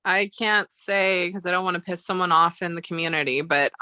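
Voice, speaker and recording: A woman's voice: lowish voice, brisk, pushed and bright, clear, resonant tone, no room sound. A woman hosting a casual live-stream chat. She feels unwell, speaks bluntly, and swears freely. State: feeling unwell.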